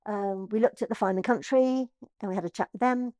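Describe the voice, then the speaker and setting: A middle-aged woman, an estate agent telling her story in an interview, chatty and animated. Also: mid-range voice, a little fast, no room sound. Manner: chatty, animated, acts out quoted voices.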